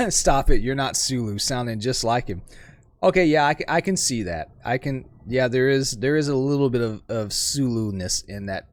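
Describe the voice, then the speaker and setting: Casual game streamer, a man, chatty with an animated, lively voice. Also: mid-range voice, normal speed, dry recording. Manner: chatty, laughing, stumbling over words. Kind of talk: casual live-stream chat and game reading.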